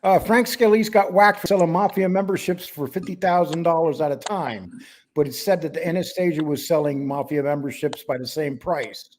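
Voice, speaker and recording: A man's voice: a little high, brisk, slight background noise. A man from New York with a New York accent blended with a Wisconsin one, hosting a casual podcast in a rambling, talkative way that jumps between topics. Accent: New York mixed with Wisconsin. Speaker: podcast host.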